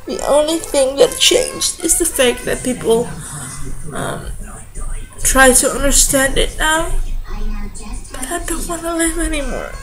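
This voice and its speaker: A young woman in her twenties speaks to her camera in a high voice, tearful as she goes. Her delivery is slow and halting, with sentences trailing off and restarting as she struggles through a confessional vlog. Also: fairly bright tone, soft background music, low-quality recording. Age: 20s. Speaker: vlogger.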